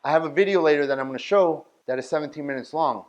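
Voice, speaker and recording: A man's voice: a little high, fast. A man leading a workshop, talking bluntly and directly and often checking that his listeners follow. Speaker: outreach workshop leader. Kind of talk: workshop talk.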